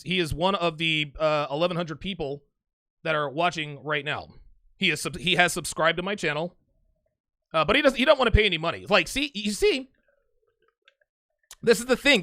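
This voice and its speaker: Brash high-voiced man hosting a live show. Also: vocal fry, bright, forceful tone, dry recording, clean studio sound. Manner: brash, emphatic, repeats himself. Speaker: livestream host reading super chats and taking calls. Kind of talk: casual live show chat.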